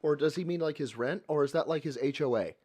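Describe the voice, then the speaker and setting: A man's voice: fairly high pitch, fast, dark tone, slightly rough, dry recording. A Midwestern man reacting on a live stream, exasperated, sarcastic and swearing freely. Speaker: streamer reacting to a podcast clip.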